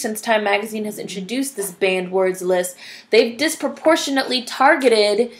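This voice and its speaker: A young adult woman vlogging, ranting bluntly and profanely, full of "like" and "you know". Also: mid-range voice. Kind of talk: casual ranting commentary to camera.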